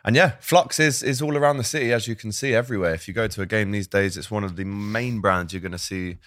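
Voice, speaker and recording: Low-voiced relaxed podcast host man. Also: fast talker, no echo, clean studio sound. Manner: relaxed, shout-outs, steers the chat. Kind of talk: casual podcast hosting.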